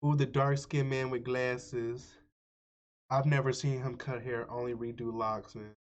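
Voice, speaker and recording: A man streaming live, chatting casually with his viewers, animated and swearing freely as he reacts to a video. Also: medium pitch, measured pace. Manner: animated, swearing, talks to chat. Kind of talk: casual chat. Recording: dull lo-fi stream audio.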